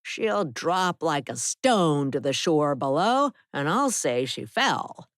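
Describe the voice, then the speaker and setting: Slow, measured woman audiobook narrator. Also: sits low, very animated, no room sound, clean studio sound. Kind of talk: scripted narration.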